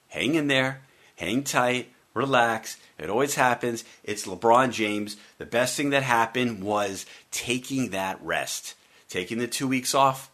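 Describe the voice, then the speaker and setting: A man hosting a sports talk radio show, talking solo in a wry, joking, animated way. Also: mid-range voice, measured pace. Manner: wry, joking and animated, with playful mock voices.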